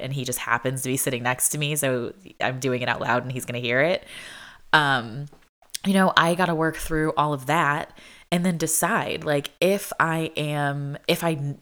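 Low-voiced young woman chatting casually. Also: a bit bright. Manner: chatty, frequent "like" fillers, laughs often. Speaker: vlogger. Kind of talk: casual chat.

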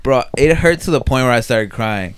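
A man's voice: medium pitch, moderate pace, clear, resonant tone. Young guy on a podcast telling a wild story, cussing and laughing a lot. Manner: animated storytelling, swears a lot, laughs often. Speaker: podcast host. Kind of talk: casual chat.

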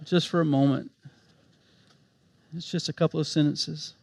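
A man preaching a sermon, swinging from hushed, gentle passages to emphatic, impassioned ones. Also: on the high side, steady tone, moderate pace, gravelly. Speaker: pastor.

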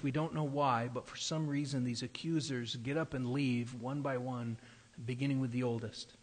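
A pastor preaching a sermon, explaining scripture in an earnest, steady way. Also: male voice, mid-range voice. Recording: long reverb of a large hall.

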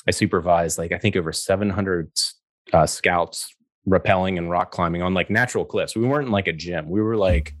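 A middle-aged man telling a story in a casual, animated way, acting out the dialogue and laughing often. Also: sits low, brisk, dry recording, clean studio sound. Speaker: guest.

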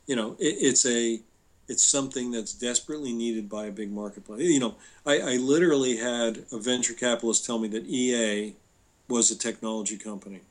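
An older man chats as a guest on a podcast, spinning business anecdotes. He quotes other people and chuckles as he goes. His voice sits at an ordinary middle pitch. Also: fairly quick. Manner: storytelling, quoting others, chuckling. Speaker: guest entrepreneur. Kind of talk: conversational podcast interview.

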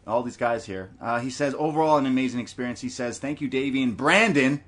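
A man's voice: medium pitch, brisk, fairly bright tone. Laid-back man reading listener messages. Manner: reads messages aloud, laughs often. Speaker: podcast co-host.

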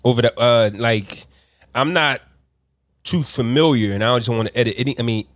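A man's voice: medium pitch, a little fast, fairly bright tone, no room sound. A man in a casual debate chat, reasoning his point with many restarts and hedges. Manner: reasoning, hedging, restarts often.

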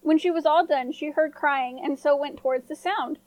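A woman storyteller reading a fairy tale in a gentle, clear voice that sits high. The sound is close and dry, with no room around it. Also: moderate pace, no room sound, poor audio. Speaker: storyteller, podcast host. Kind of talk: scripted storybook narration.

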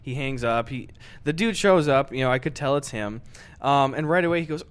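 A man's voice: brisk, smooth. A young man co-hosting a podcast, telling a story in casual chat and acting out the people in it with big swings in his voice. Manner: animated, acts out quoted voices with big pitch swings. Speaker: podcast co-host.

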